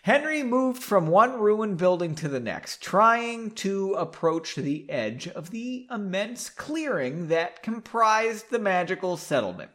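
A man's voice: high-pitched, big pitch swings, slow pace, few pauses, a bit bright. A man hosting a podcast, reading a story aloud and breaking in with sarcastic, mocking asides. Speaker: podcast host.

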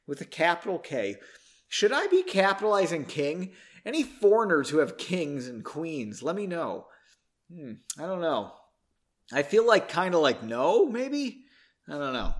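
A man's voice: fairly high pitch, sing-song, moderate pace. Joking man reading a story aloud. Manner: joking, self-deprecating, chuckles often. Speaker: podcast host reading a story. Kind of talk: casual story reading with chatty asides.

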